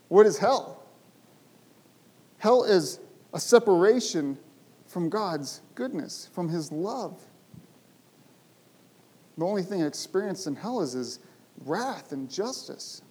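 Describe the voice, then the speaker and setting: A man's voice: sits high, lively intonation, slow pace, long pauses, a little mellow, husky. A man preaching a sermon, telling a story with emphasis and asking his listeners rhetorical questions.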